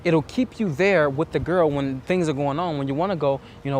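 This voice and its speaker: A man's voice: a little high, a little fast, darkish tone, a little hiss or hum. Earnest man coaching outdoors. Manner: earnest, reflective, acts out quoted self-talk. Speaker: dating coach. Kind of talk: instructional monologue.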